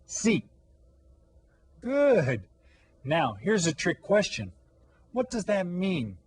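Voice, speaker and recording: Guy teaching little kids, slightly husky voice, goes up and down a lot, cheerful and patient. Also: sits high, wildly swooping pitch, slow pace. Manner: patient, encouraging, asks questions. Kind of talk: classroom lesson for children.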